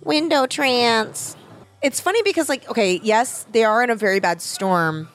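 A woman chatting casually as she watches a film with a friend, reacting with groans and quick comments. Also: a little high, animated, fairly bright tone.

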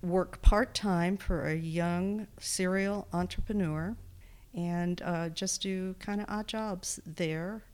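Retired Texan grandmother, lowish voice. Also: steady tone, slow pace, a little mellow, clear, resonant tone. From Texas. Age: older. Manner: candid, self-deprecating, easy laughs. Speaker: podcast guest. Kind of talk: interview conversation.

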